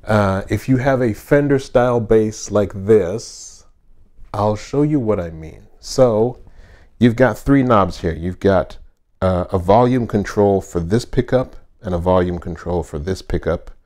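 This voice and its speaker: Relaxed low-voiced man teaching bass. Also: a little slow. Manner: relaxed, friendly, with fillers and asides. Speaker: bass teacher and channel host. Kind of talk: casual instructional talk.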